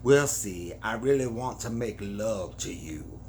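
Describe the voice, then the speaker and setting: A stern, brooding lover who drops his voice low and husky, laying it on thick, as a man hams him up. The delivery is slow and heavy, with faint room noise behind it. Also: lively intonation, a little mellow.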